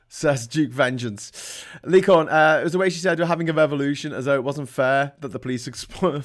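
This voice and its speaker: Fairly quick and on the higher side, this man's slightly bright voice carries a Liverpool accent. He hosts a relaxed livestream, voicing viewer comments and reacting bluntly, with swearing and rambling.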